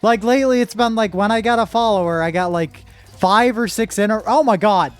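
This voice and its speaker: A woman's voice: mid-range voice, a little fast, faint music behind. A woman streamer chatting casually with her viewers while gaming, rambling and emotional, with sudden frustrated outbursts.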